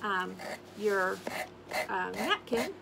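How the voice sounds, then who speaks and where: A woman hosting a casual craft tutorial, chatting warmly to viewers and humming little scat tunes as she works. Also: medium pitch, expressive, very slow, vocal fry, heavy background noise. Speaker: craft video host. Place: home craft space on an acreage.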